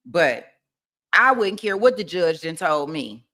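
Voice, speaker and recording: Bright loud-ish woman doing trial commentary on a live stream, jokey, laughs a lot, acts stuff out. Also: fairly low pitch, a little slow. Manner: animated, laughing, acts out mock crying testimony. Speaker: true-crime trial commentary host. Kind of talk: casual livestream commentary.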